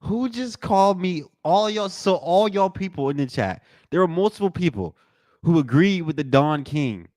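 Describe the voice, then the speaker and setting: A man's voice: moderate pace, dry recording. Young man, live watch party commentary, slangy and joking, dry close sound. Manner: excitable, joking, slangy, bursts into high-pitched reactions.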